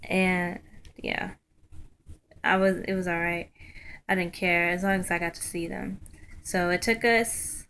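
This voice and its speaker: A young woman telling a story in a casual vlog, chatty and excited, full of ums and likes. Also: on the low side, a little slow, pauses often, smooth. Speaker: vlogger.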